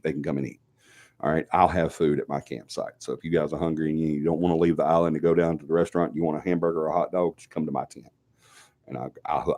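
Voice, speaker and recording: A deep-voiced man with a Southern US drawl hosts a live stream, sniffly and stuffed up from a cold. He rambles through announcements in a chatty way, with plenty of fillers and restarts, but turns firm when he lays down the rules. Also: darkish tone. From Alabama, US South. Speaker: host of a paranormal team's live show.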